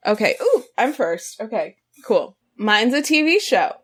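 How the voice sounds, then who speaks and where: A woman co-hosting a podcast in casual chat, reacting with giggles and animated remarks. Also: on the high side, measured pace, breathy edge. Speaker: podcast co-host.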